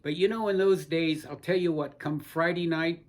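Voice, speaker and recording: A man's voice: fairly high pitch, fairly even intonation, moderate pace. Folksy older man telling old stories. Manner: rambling, folksy anecdotes with frequent restarts. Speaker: interviewee. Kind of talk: oral history storytelling. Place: seated indoors in a barber chair.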